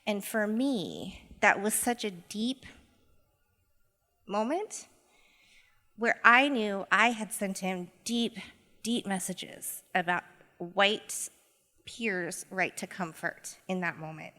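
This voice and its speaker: A woman's voice: medium pitch, slow, long pauses, pushed and bright, long reverb tail. A woman educator and mother speaking in a reflective, storytelling way in a podcast interview. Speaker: guest, educator.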